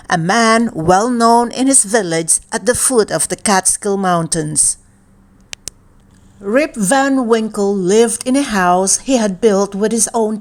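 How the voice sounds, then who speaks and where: Slow, calm woman reading a bedtime story. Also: medium pitch. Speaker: children's book reader. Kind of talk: bedtime story read-aloud.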